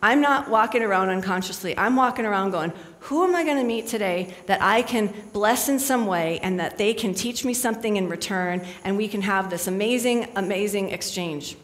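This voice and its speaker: A woman's voice: medium pitch, normal speed, hardly any pauses, big-room sound. A middle-aged woman speaking as a spiritual speaker to a live audience in a chatty, storytelling manner.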